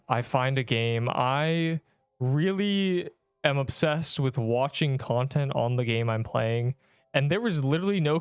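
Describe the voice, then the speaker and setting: A man's voice: mid-range voice, clean tone, no room sound, clean studio sound. A young man chatting casually with his viewers while he plays a video game, rambling and slangy. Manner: rambling, slangy, talks to chat while playing. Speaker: streamer. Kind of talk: casual gaming livestream chat.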